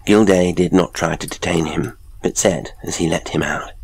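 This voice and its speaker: A man reads a classic horror tale in a measured, atmospheric storytelling voice. His tone sits very low, with a gravelly fry. A husky roughness runs through every line. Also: fairly even intonation. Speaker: narrator. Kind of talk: scripted horror audiobook narration.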